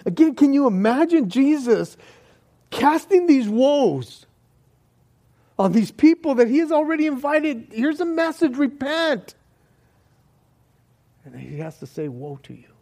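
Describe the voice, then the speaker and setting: A man preaching a sermon, slow and earnest, often dropping to soft, hushed words. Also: extremely high pitch, very animated. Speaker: pastor. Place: church hall.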